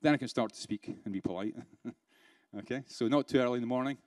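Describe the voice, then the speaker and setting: A British man delivers a sarcastic live keynote in a conference room, keeping it conversational with rhetorical questions and dry sarcasm. His mid-range voice is fast and darkish, recorded with no room sound.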